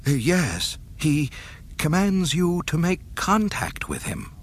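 A man's voice: on the high side, wildly swooping pitch, slow pace, slightly rough, pitched above the performer's own voice, full character voice. A man voicing a nervous male imperial admiral who stammers with a shaky voice. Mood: frightened.

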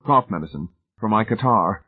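A man's voice: lowish voice, animated, normal speed, husky. A man reading aloud, voicing a grim, determined man who speaks curtly. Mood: terse. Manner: curt, terse. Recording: tinny phone-like band.

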